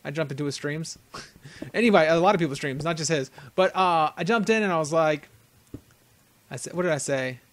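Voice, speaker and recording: Male let's-play host, high voice, rambling and chatty with frequent laughs. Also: fairly quick. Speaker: gaming channel host. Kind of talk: casual let's-play commentary.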